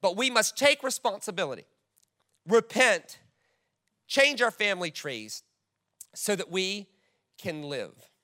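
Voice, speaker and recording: A man's voice: sits high, sing-song, normal speed, pushed and bright. A man preaching a sermon, emphatic and direct, reading scripture aloud to his congregation. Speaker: pastor.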